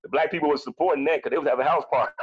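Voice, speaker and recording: A man's voice: a little high, racing, slightly rough, lo-fi sound. A man in his forties, a guest in a casual discussion, talking emphatically with frequent profanity and repeating phrases as he thinks aloud. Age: 40s.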